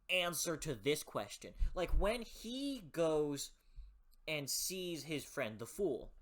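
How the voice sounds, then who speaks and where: With a sharp tone and mid-range pitch, this book reviewer speaks in a relaxed, impassioned way. Profanity comes easily, and sentences often get restarted while the thoughts take shape out loud.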